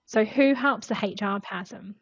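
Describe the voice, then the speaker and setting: A woman's voice: medium pitch, normal speed, slightly rough, dry recording, highs cut off. A woman, a podcast guest and former HR specialist, telling an earnest and emotional story in casual conversation.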